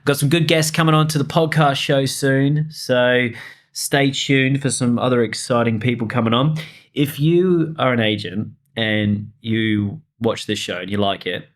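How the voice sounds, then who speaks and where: A man's voice: medium pitch, steady tone, measured pace, over music. A man co-hosting a podcast, giving casual motivational advice to real estate agents. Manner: motivational, peppered with "you know" and laughs.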